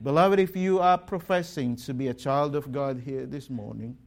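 A man's voice: medium pitch, vocal fry. A man preaching a Sunday sermon to his congregation and online viewers, stressing words and drawing out line ends. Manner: slow, emphatic preaching with drawn-out words and dropping line ends. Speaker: pastor. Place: church service streamed online.

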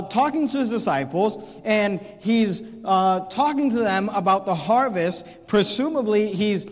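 A man's voice: high voice, a little mellow. A man preaching a sermon in an earnest, emphatic way, repeating key phrases as he explains a scripture. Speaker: pastor. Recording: long hall reverb.

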